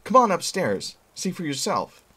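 A man's voice: fairly high pitch, wildly swooping pitch, normal speed, sharp tone, breathy edge, voice pushed up, full character voice. A man doing a cheerful young guy.

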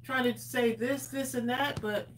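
A woman co-hosting a live crafting stream, reading viewer comments aloud with quick teasing banter and frequent laughs. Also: on the high side, fairly even intonation, rough recording.

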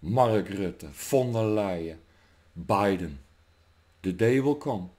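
Slow, ranting man. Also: expressive. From Germany. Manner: ranting, profane, swings between shouting and low menacing mutter. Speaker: vlogger. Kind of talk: angry political rant to camera.

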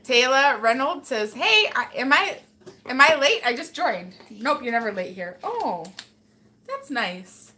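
A woman's voice: high-pitched, very animated, a little slow, bright, forceful tone, slight background noise. A woman hosting a casual live stream as a mother, chatting and reading viewer comments while scolding her child. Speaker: host and mother.

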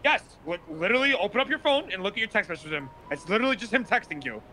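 Bright high-voiced man who stammers. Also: sing-song, very fast, slight background noise. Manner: stammering, swears a lot, blunt. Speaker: roleplay player. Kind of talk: in-character roleplay chat.

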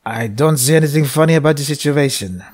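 A man's voice: fairly high pitch, fast talker, darkish tone. A young man playing a game, reading its text aloud with loose, joking commentary and frequent laughs. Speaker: let's play host.

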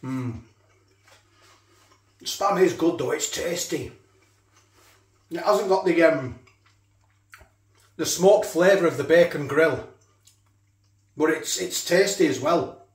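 A chatty food vlogger talks casually while tasting, sometimes with his mouth full. His voice sits a little high for a man. The kitchen around him rings with noticeable echo. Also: takes it slowly, pauses often.

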